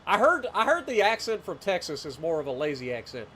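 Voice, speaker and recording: A man's voice: high-pitched, sing-song, a little fast, bright, forceful tone, slight background noise. A man in his late thirties with a rural southeastern Ohio accent, chatting casually and telling rambling stories on a gameplay livestream, with frequent chuckles. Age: late 30s. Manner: rambling storyteller, chuckles often, greets chat.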